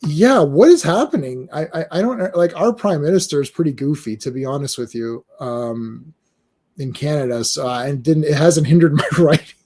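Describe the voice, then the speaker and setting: A man chatting casually as a comics podcast host, talking in a mellow voice that sits a bit high. He rambles and restarts sentences, stumbling over repeated words. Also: normal speed. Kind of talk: casual chat while reading comics live.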